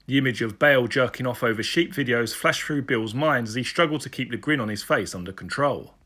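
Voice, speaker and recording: A man narrating an audiobook in an expressive storytelling manner. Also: medium pitch, brisk, hardly any pauses.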